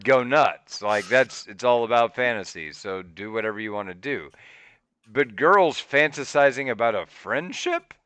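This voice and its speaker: A middle-aged man chatting casually on a podcast, teasing his co-host with deadpan jokes. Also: medium pitch, normal speed, clear, resonant tone. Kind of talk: casual chat.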